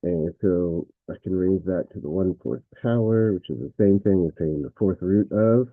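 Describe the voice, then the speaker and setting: A man's voice: sits low, normal speed, no room sound. Man teaching math over a tinny line. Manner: thinks aloud, self-correcting, frequent fillers. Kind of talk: recorded math lesson.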